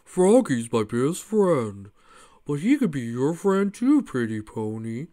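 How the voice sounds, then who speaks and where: A fan reader voicing a big, gentle male cat, speaking slowly and simply. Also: mid-range voice, very animated. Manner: slow, simple, kindly.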